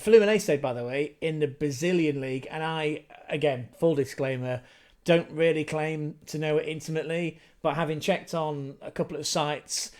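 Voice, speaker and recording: Talking football straight to camera, this English vlogger keeps it casual, curses freely and wanders off on rambling tangents. He has a slightly high, darkish-toned voice.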